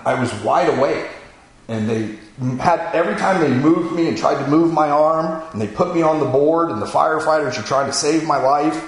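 A man in his forties giving a personal testimony, telling his story and voicing his own inner thoughts. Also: mid-range voice. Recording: roomy echo.

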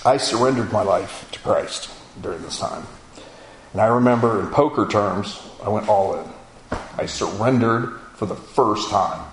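A man's voice: lowish voice, unhurried, slight background noise. Man telling his testimony in an echoey room. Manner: storytelling that acts out dialogue with "I go" and "he goes". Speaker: speaker sharing a personal testimony. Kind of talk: spoken testimony to a congregation. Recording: roomy echo with faint ambience.

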